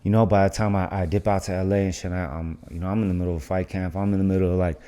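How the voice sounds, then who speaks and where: A man's voice: low voice, little pitch movement, very fast, warm tone, clear, resonant tone. A young man co-hosting a podcast in casual chat, rambling along with heavy slang and swearing. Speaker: podcast co-host and fighter. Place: studio in Las Vegas.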